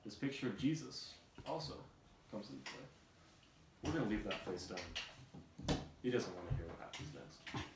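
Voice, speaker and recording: A man hosting a comedy show, reading a storybook aloud in a mock-solemn, deadpan way with fake emotional asides. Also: medium pitch, normal speed, long pauses. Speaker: host. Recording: roomy, distant, noisy room.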